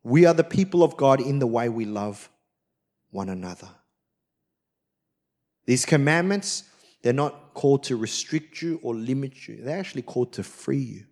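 Guy preaching a sermon, kinda husky, goes from loud and punchy to really quiet, acts stuff out. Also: mid-range voice, normal speed, pauses often. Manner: animated storytelling, swings from loud emphatic to quiet and soft; acts out quoted voices. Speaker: pastor.

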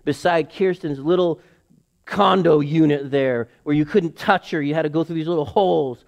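A middle-aged male pastor preaching a sermon to his church, building to emphatic calls and dropping into hushed asides. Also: normal speed, vocal fry. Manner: preaching with emphatic rises, drops to low acted inner voices.

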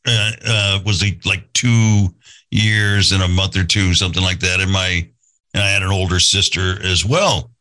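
Earnest man in his sixties, bright voice. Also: lowish voice, poor audio. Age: 60s. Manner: earnest, thinking aloud, circling back to his point. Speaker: podcast host telling his own story. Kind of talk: reflective casual storytelling.

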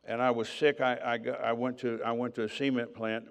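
A man's voice: mid-range voice, little pitch movement, brisk, clear, resonant tone. Older guy preaching his testimony, chatty storyteller, acts out the quotes. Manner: conversational storytelling, acting out quoted dialogue. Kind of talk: sermon testimony.

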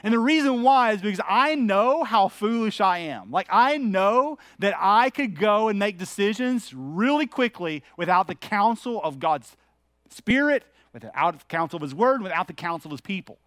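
Candid preacher, high-pitched man. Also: animated, moderate pace, fairly bright tone, no room sound, clean studio sound. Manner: conversational, candid, anecdotal preaching. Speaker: pastor. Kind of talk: sermon.

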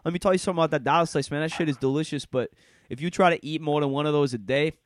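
Sammy is a loud, swaggering street bro who is sure he knows everything and lectures whoever is in front of him, as a man puts him on in a raised, pushy voice. The sound is dry and close, with no room around it. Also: on the high side, steady tone, racing, no room sound, lightly acted. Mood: lecturing. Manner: lecturing, swaggering, repeats "let me tell you". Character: brash male New York street bro, know-it-all.

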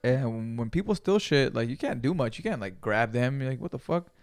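A man's voice: medium pitch, animated, normal speed, no room sound, faint music behind. A man hosting a solo podcast, talking in a casual, rambling, profane and motivational way. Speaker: podcast host.

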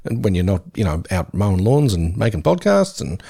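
A man's voice: on the low side, sing-song, brisk, creaky, warm tone, slightly rough, no echo, studio quality. A man, co-hosting a podcast with wry, teasing asides. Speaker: podcast co-host. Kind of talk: casual podcast chat.

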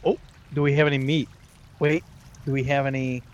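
A man's voice: mid-range voice, flat delivery, brisk. Eager man playing a tabletop game. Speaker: player. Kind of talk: casual tabletop game chat. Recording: dull lo-fi recording with faint hiss.

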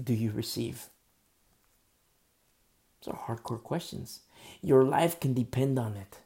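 A man preaching a sermon as pastor, conversational, swinging between loud emphasis and quiet asides. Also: medium pitch, vocal fry.

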